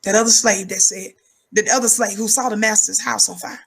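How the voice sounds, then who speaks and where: A woman's voice: steady tone, a little fast, gravelly, a bit bright, breathy edge. A woman giving fiery preaching-style commentary, emphatic and rhythmic, repeating words for effect. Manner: calls herself high-energy.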